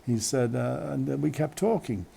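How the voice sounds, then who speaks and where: A man's voice: mid-range voice, moderate pace, creaky, mellow. An Irish man, a radio host, telling a long chatty story outdoors on a windy day, full of asides and restarts. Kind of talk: rambling anecdotal storytelling. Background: wind.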